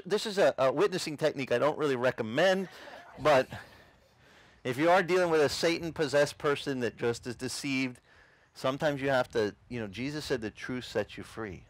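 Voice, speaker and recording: A pastor, a man, delivers his testimony as a dramatic story, acting out each scene for his listeners. His voice sits at an ordinary middle pitch. The sound is dry and close, with next to no room echo. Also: lively intonation, a little fast. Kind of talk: testimony sermon. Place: outdoor beach service.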